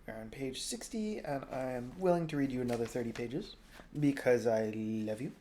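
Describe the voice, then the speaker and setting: A young adult man reading a novel aloud in a relaxed, informal way. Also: mid-range voice, normal speed, a little hiss or hum. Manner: relaxed, informal, jokes at stumbles. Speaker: storybook reader.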